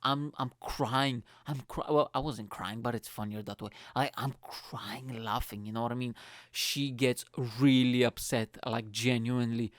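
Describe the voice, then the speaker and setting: A man, a comedian telling a crude, animated story in casual chat, swearing often and laughing as he talks. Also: mid-range voice, a little slow, no room sound, studio quality. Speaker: comedian host.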